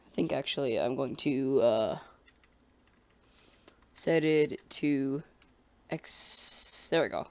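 Excitable gamer guy with a gravelly edge. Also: mid-range voice, takes it slowly, pauses often, no room sound. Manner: excitable, talks to himself and the creatures in the game. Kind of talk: casual let's-play commentary.

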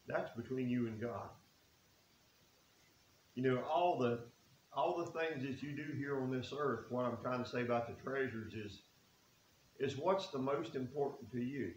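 A man's voice: medium pitch, unhurried, pauses often. A man preaching a sermon in a church, folksy and earnest, reading scripture aloud. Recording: echoey room with faint hiss.

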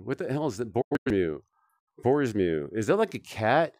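A man's voice: on the low side, big pitch swings, unhurried, a little mellow, no echo, clean studio sound. A man streaming a virtual reality shooter, rambling and joking with viewers and swearing often. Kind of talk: casual live-stream commentary.

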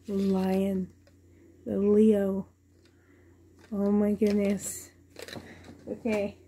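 A woman's voice: mid-range voice, steady tone, very slow, long pauses, dark tone, a little hiss or hum. A woman at home unboxing a doll for her vlog, gushing with delight and often dropping to a whisper. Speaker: reborn doll collector unboxing a doll.

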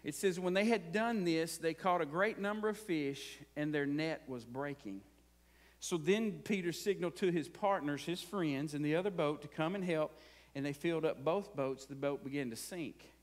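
A man's voice: on the high side, moderate pace. A man preaching a conversational sermon as pastor, asking the congregation frequent rhetorical questions.

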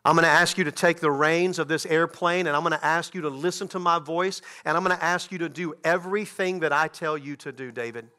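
A man voicing a calm, steady male air traffic controller who gives slow, reassuring, insistent instructions. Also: on the high side.

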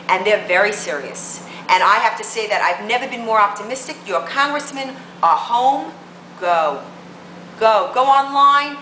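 A woman's voice: a little high, bright, forceful tone, roomy sound, a little hiss or hum, low-quality recording. A woman political blogger delivering a combative rant to camera, full of emphatic rhetorical questions.

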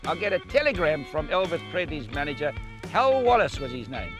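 A man in his eighties telling an animated anecdote, acting out the voices of the people in it. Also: fairly high pitch, brisk, music in the background. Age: 80s. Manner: lively, acts out the quoted voices. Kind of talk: animated storytelling.

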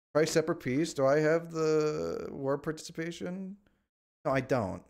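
A man's voice: on the high side, moderate pace, gravelly. Exasperated, whiny male game streamer. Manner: whiny, exasperated outbursts and repeated complaints; shouts at the screen. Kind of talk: live gameplay commentary.

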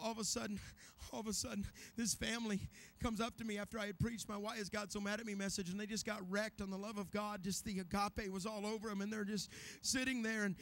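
A man's voice: high voice, vocal fry. A man preaching a revival sermon in a church, telling stories dramatically and acting out the voices. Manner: dramatic, acts out voices, builds to shouting. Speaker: guest preacher.

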